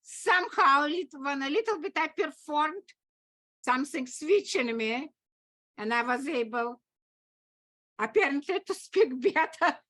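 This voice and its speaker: Woman, Russian accent, high voice, bright tone, animated storytelling, frequent laughs. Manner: animated, laughs often, halting English. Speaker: acting teacher. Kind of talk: conversational storytelling.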